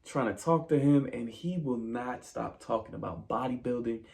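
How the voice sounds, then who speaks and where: A man casually recapping a film plot in a spoiler review, telling it as an animated story and talking straight to his viewers. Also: medium pitch, normal speed, vocal fry, a little hiss or hum. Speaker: movie reviewer.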